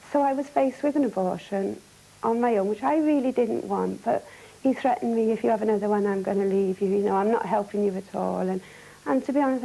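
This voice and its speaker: A middle-aged Welsh woman tells her story in a halting, subdued voice that keeps restarting. Her tone is gravelly and husky, with a dark, mellow color. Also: rough recording. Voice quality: low-key, halting, with many restarts. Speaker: domestic abuse survivor. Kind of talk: personal testimony.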